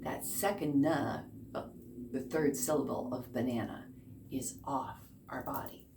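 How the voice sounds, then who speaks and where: Low-voiced, unhurried woman ukulele teacher. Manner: encouraging, counts and chants along slowly. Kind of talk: beginner music lesson. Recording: echoey room, faint noise.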